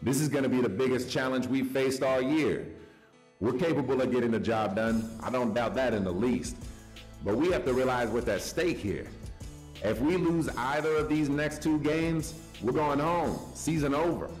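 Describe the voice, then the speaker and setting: An actor playing a determined male pro basketball player in a video game, giving a steady, earnest pep talk. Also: mid-range voice, normal speed, lightly acted. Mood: resolute. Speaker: game character in a post-game cutscene. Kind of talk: scripted game dialogue. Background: game music.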